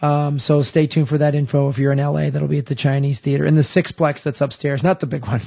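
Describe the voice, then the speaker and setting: Gravelly, higher-pitched man co-hosting a podcast. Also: level tone, fast talker, mellow. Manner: rambling, with many fillers. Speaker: podcast co-host. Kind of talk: casual chat.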